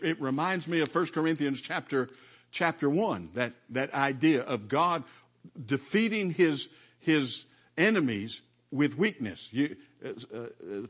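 A man preaching a sermon in an earnest, halting way, often repeating words as he reads and explains scripture. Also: mid-range voice, a bit bright, dull audio. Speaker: pastor.

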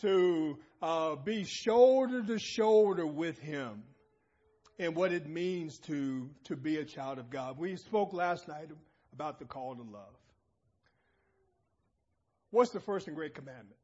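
A man's voice: fairly high pitch, animated, slow pace, darkish tone, lo-fi sound. A man preaching a sermon, emphatic and calling out questions to the congregation in a church assembly.

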